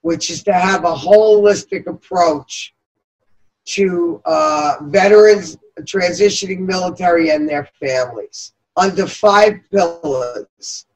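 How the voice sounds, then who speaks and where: A middle-aged woman from New York City with a New York accent, giving earnest, halting interview answers about the veterans' chamber she co-founded, with many pauses and fillers. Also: lowish voice, rough recording.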